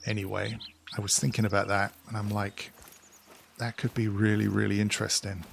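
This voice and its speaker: Male streamer, low gravelly voice, English-Scottish accent, easygoing chat with viewers. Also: little pitch movement, a little fast, slight background noise. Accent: mix of English and Scottish. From England. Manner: chatty, reads out and answers chat while playing. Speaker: game streamer.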